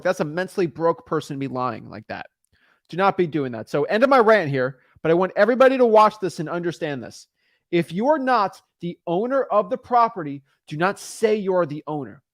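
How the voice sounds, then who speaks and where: A man cold-calling home sellers and ranting in between, with his pitch swinging up and down a lot. His voice sits a little high for a man and sounds dry and close, with no room around it. He trips over repeated words when he gets fired up. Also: a bit bright, no room sound. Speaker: real estate wholesaler cold calling sellers. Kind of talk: casual ranting commentary between calls.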